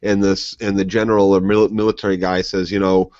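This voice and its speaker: Low-voiced man, dry and muffled. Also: level tone, fairly quick, few pauses, a little mellow, dry recording. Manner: emphatic, argues his point at length. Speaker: co-host. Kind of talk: casual TV recap chat.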